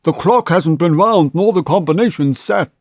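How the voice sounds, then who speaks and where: A man's voice: on the high side, lively intonation, normal speed, a little mellow, no room sound, clean studio sound, pitched above the performer's own voice. A man voicing a shaken old banker calling out in alarm, in a storybook reading. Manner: shaky, groaning. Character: old male banker, proud, now shaken.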